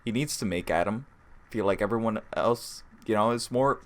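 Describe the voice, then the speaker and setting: A man co-hosting a podcast in casual chat, explaining a cartoon plot with dry jokes and halting restarts. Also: fairly low pitch. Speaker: podcast co-host.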